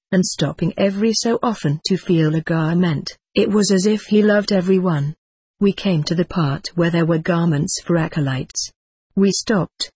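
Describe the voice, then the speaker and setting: A woman reads a first-person story in a measured, even way. Her voice sits on the low side with a husky edge, and the recording is close and dry. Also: no room sound. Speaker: narrator. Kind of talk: first-person audiobook narration.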